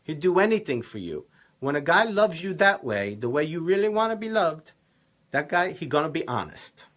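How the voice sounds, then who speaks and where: A man's voice: a little high, very animated, normal speed, fairly bright tone. A man playing a boisterous, middle-aged Italian male love professor, giving dating advice in broken English with a put-on Italian accent and theatrical emphasis. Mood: emphatic advice. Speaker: relationship coach. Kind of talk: comedic in-character advice livestream.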